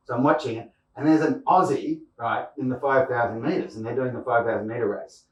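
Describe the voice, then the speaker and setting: A man co-hosting a podcast, telling a chatty, animated story. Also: medium pitch, a little fast. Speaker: podcast co-host. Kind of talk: casual chat, storytelling. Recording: dull, echoey, distant audio.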